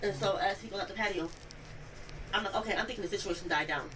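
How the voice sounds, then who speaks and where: A young woman recounting an incident in an interview, telling it in a rambling, animated way and acting out the quoted speech. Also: mid-range voice, quick pace, a crowd in the background. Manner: animated storytelling, acts out quoted speech, many "like" fillers. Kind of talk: rambling first-person account. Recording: distant mic, noisy room audio.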